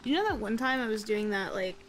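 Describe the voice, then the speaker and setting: A woman's voice: mid-range voice, animated, a little fast, faint music behind, low-quality recording. A young woman streaming while she draws, chatting casually in a rambling, self-deprecating way full of fillers. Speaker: art streamer.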